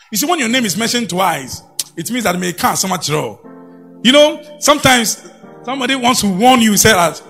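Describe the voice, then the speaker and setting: Male preacher, high lively voice with gravel, big swings from shouts to murmurs, church sermon. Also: moderate pace, soft background music. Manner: animated, shifts from loud exclamations to low murmurs.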